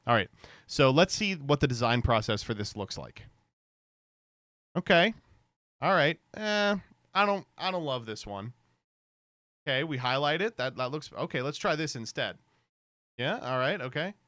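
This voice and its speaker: A man's voice: medium pitch, sing-song, normal speed, long pauses, a bit bright, no echo, clean studio sound. A man streaming casual reaction commentary, rambling and swearing freely, with frequent laughs. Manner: rambling, profane, laughs often.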